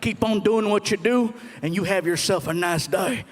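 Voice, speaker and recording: A man voicing a gruff, amused male highway patrol cop, lowering his voice into a deep, drawling delivery. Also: normal speed.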